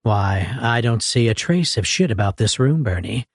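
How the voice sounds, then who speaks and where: A man voicing a laconic rich man who puts on a folksy cowboy drawl, amused and unhurried. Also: medium pitch, animated, no room sound, studio quality.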